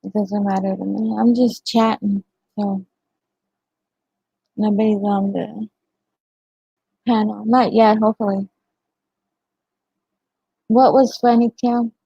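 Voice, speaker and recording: A woman's voice: medium pitch, little pitch movement, takes it slowly, vocal fry, long pauses, dark tone, husky, no room sound, dull audio. A middle-aged woman chatting on her livestream, telling a story and laughing often. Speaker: livestream host. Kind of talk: casual chat with live viewers.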